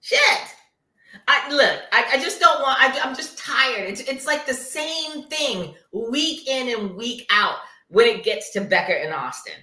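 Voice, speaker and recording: A woman's voice: on the high side, animated, a little slow, bright, forceful tone, roomy sound. A woman co-hosting a podcast who recaps a reality show in casual chat, blunt and emphatic and swearing freely. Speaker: podcast co-host.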